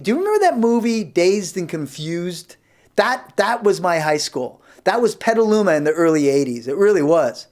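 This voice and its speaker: A man in his fifties hosting a comedy show, telling rambling stand-up stories about high school. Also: very animated, normal speed, a little mellow. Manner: rambling, self-interrupting. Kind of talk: stand-up storytelling.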